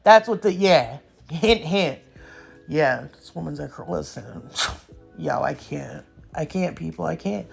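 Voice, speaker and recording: A woman's voice: deep voice, lively intonation, slow pace, vocal fry, soft background music. Young woman, casual chatty vlog voiceover, ranting storyteller. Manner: rambling, ranting storyteller who says "y'all" and "yo". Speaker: nail art vlogger.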